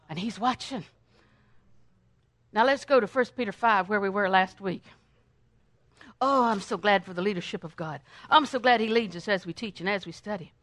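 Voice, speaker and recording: An older woman teaching a Bible lesson in a fervent sermon style, breaking into song and prayer, swinging between loud praise and quiet asides. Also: mid-range voice, normal speed, pauses often, no echo, clean studio sound.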